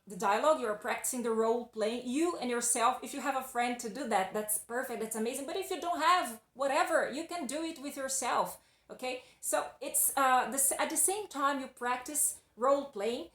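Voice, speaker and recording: A woman's voice: fairly high pitch, echoey room. A Brazilian woman with a Portuguese accent, a native Portuguese speaker, giving an emphatic, casual English lesson as a teacher. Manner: emphatic and loud.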